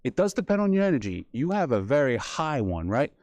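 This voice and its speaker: A man speaking as a panel guest in a relaxed, conversational way, telling personal stories. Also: mid-range voice, fairly quick, no room sound. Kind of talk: casual panel debate.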